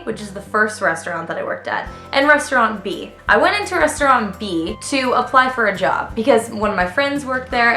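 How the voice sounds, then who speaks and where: A woman's voice: a little high, sharp tone. Sarcastic young woman ranting in an echoey room. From Canada. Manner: exasperated, sarcastic, acts out customers in quoted voices. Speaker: vlogger, waitress. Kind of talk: casual storytelling rant.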